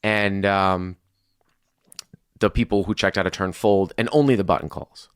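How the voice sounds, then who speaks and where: A man's voice: low-pitched, fairly even intonation, moderate pace, clean tone, no room sound, studio quality. A male podcast host talking through a poker hand, methodically restating each bet and action. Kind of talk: casual poker discussion.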